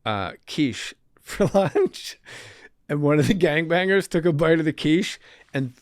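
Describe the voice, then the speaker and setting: A man hosting a podcast, telling animated, wry stories about his life in comic storytelling style. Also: a little high, measured pace, no room sound, clean studio sound. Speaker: comedian podcast host.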